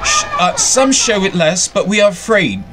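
A man's voice: sits high, animated, normal speed, fairly bright tone, slight background noise, voice pushed up, poor audio. A man voicing a timid young servile creature in a game, stammering and quavering. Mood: fearful.

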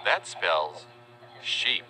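Very slow, bright-voiced man teaching kids. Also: low voice, very animated, faint music behind. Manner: spells words out letter by letter, friendly and deliberate. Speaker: children's teacher narrator. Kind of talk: children's educational narration. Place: voice-over.

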